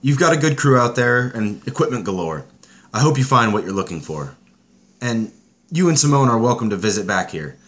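An actor playing a wary, middle-aged Irish-American scientist and former soldier in an audiobook, speaking in a measured, sober way. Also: male voice, mid-range voice, lively intonation, close to an everyday voice. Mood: earnest. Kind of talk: audiobook character voice.

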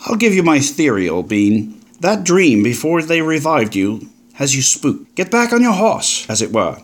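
A man's voice: a little high, big pitch swings, normal speed. A man voicing a jaunty British paleontologist. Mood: breezy. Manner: jaunty, breezy, old-fashioned turns of phrase. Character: upbeat British male paleontologist, forty, brash. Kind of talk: audiobook character voice.

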